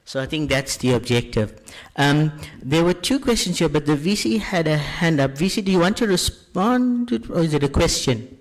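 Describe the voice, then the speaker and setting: A man's voice: fairly high pitch, animated, normal speed, hardly any pauses. A man moderating a question session in a lecture hall, polite and full of fillers.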